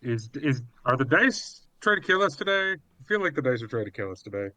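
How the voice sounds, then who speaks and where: A man playing a tabletop game, chatting casually about what his character does. His voice is bright and clean, in a dry space. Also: mid-range voice, sing-song, a little fast, dry recording. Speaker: player.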